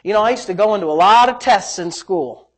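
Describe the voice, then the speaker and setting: A man's voice: high voice, expressive, fairly quick. Man preaching emphatically, sprinkling in praise. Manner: emphatic, repetitive, frequent "praise God" interjections. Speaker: pastor. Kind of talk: sermon.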